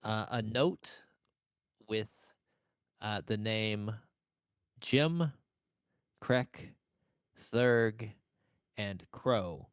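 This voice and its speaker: Young guy running a tabletop game, slow and halting, lowish voice, dry close mic, lots of uhs. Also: smooth, no echo. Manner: slow, hesitant, filler-heavy. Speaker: game master.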